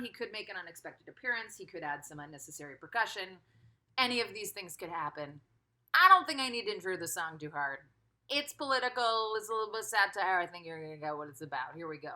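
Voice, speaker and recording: A woman as a musical guest on a video call, introducing her song in bubbly, rapid asides. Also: medium pitch, bright, forceful tone. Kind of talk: chatty intro then singing. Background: guitar playing.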